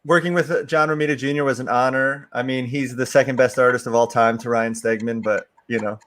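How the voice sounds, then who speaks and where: A man joining a casual video call as a guest, relaxed with dry humor. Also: mid-range voice, fairly quick. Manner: laid-back, dry joking.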